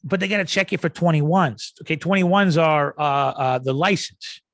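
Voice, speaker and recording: A man's voice: fairly high pitch, moderate pace, no room sound. A man hosting a podcast, rambling through a comic rant. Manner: ranting, rambling, acts out yelling. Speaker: podcast host. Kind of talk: comedic rant.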